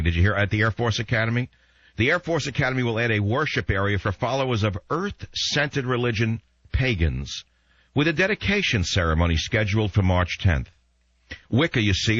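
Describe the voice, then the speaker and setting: A man's voice: fairly low pitch, a bit bright, no echo. A man from San Francisco hosting a talk radio show, sarcastic and combative, firing rhetorical questions. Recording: dull dry lo-fi radio recording.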